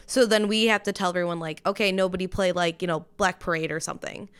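A woman's voice: on the low side, clear, resonant tone. A woman on a podcast explaining how she DJs, chatty and full of "like"s. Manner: chatty, quick explanations with many "like"s. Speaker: podcast guest, DJ. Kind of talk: casual podcast chat.

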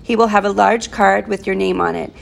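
A woman voicing a calm, deliberate middle-aged father who speaks in a measured, quietly firm way. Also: medium pitch, creaky.

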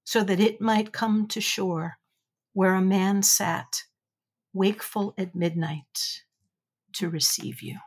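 A woman voicing a vast, unseen lion who speaks slowly, quietly and gravely in a storybook reading. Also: mid-range voice, fairly even intonation. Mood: solemn.

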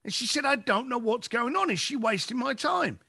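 A man's voice: very high voice, expressive, normal speed, gravelly, sharp tone, husky. A man, a business coach telling stories in a podcast conversation and acting out his clients' lines.

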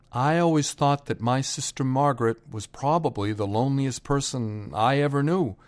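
A man telling a personal family story to listeners, unhurried, pausing for effect, and raising his voice for quoted shouts. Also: mid-range voice. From Boston area.

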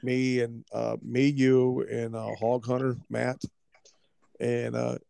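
A man co-hosting a casual wrestling chat, halting and repeating his words. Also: mid-range voice, flat delivery, creaky, mellow, clear, resonant tone.

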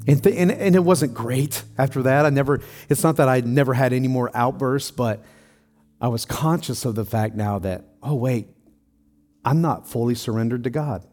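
A man's voice: mid-range voice, normal speed, a little mellow. A middle-aged man preaching to a congregation with an earnest, heartfelt delivery. His voice sits in an ordinary middle register. He lifts his voice with feeling as he presses his point home. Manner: earnest, building to emotional intensity in a personal story. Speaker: pastor. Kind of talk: sermon.

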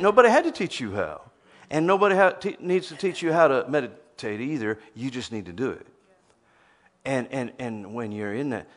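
A man's voice: medium pitch, a bit bright. A man preaching a sermon, emphatic, often repeating words as he starts a phrase.

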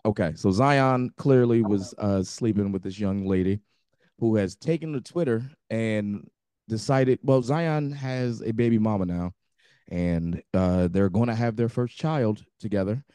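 A man co-hosting a podcast in casual chat, animated and quick to laugh. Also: on the low side, clear, resonant tone, dry recording. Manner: animated, laughs often, jumps in. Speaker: podcast co-host.

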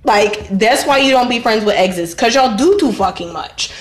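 A woman co-hosting a podcast, telling a story in a blunt, profane, animated way. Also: a little high, moderate pace. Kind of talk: casual storytelling chat. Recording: roomy echo.

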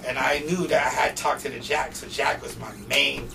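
A young man from North Portland, Oregon, guesting on a podcast and telling profane, animated stories full of acted-out quotes. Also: medium pitch, moderate pace, creaky, over music. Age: young adult. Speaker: guest rapper. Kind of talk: casual storytelling interview. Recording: distant mic with noisy background.

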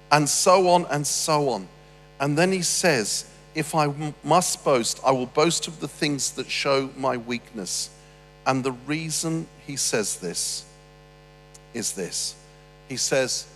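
Lively, joking preacher in a hall. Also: male voice, on the high side. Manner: humorous, animated storytelling with asides. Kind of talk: sermon. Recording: long reverb with faint music.

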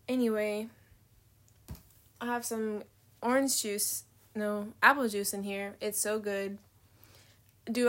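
A young woman venting in a casual confessional vlog, candid, slangy and profane, trailing off mid-thought and laughing often. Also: mid-range voice. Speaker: vlogger.

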